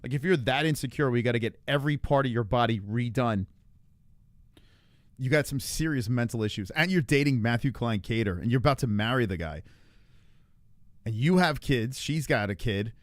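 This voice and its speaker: A man hosting a casual livestream, telling stories in an animated, profane way. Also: medium pitch, normal speed, dry recording, studio quality. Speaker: host.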